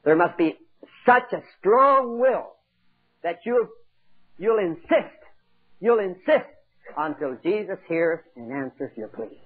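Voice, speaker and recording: Husky high-pitched preacher dramatizing a bible story, sounds like an old phone-line tape. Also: male voice, sing-song, takes it slowly. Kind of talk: sermon. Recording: tinny phone-like 1980s audio tape.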